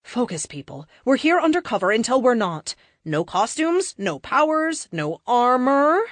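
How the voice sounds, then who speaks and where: A firm, no-nonsense heroine gives orders directly, voiced by a woman. Her delivery moves up and down lively in a dry close recording. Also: fairly high pitch, a little slow, no room sound, pitched above the performer's own voice. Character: firm, caring telepathic team leader woman.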